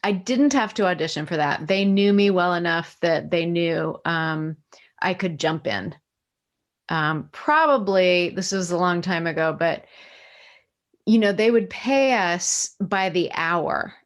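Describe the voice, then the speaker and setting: A woman's voice: on the low side, a little slow. An American woman, a voice actor, recalling past work in a chatty, self-deprecating way. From United States. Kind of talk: casual interview recollection.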